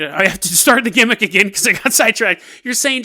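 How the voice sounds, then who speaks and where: A podcast host telling an odd story in a loose, animated way and laughing between lines. His voice sits high for a man and leaps around in pitch. The tone is bright and forward. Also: fast, few pauses. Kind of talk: casual storytelling.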